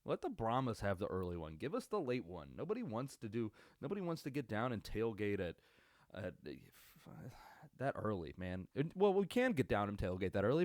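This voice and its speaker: A man's voice: lowish voice, sing-song, normal speed, no echo, clean studio sound. A young man hosting a casual solo sports podcast, rambling and swearing with lots of fillers and restarts. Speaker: podcast host. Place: home setup at a computer. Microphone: computer webcam recording.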